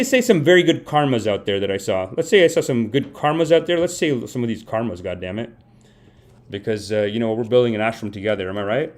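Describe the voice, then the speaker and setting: A man hosting a live comedy podcast, telling stories in a rambling, mock-earnest style and praising himself. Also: mid-range voice. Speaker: podcast host. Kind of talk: comedic livestream monologue. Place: home streaming setup.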